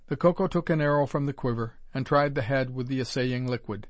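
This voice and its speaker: A man narrating a first-person adventure audiobook in a measured, formal storytelling manner. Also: medium pitch, no room sound.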